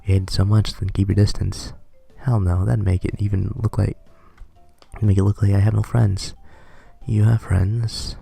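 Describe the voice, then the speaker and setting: A man reading a visual novel aloud in a dry, deadpan way. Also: fairly low pitch, normal speed, gravelly, breathy edge, faint music behind. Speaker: game reader.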